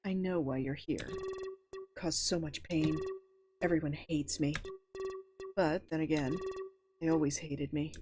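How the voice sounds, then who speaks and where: A woman reading the lines of a despairing, self-hating young woman in a flat, hopeless voice as game dialogue. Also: low voice, unhurried, long pauses. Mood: bleak. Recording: game music underneath.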